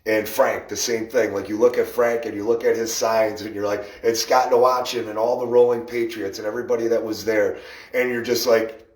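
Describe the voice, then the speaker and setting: A man's voice: fairly low pitch, little pitch movement, a little fast, recorded from a distance. A man hosting a casual livestream, rambling, laughing often and greeting viewers by name. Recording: echoey room, voice a bit off-mic.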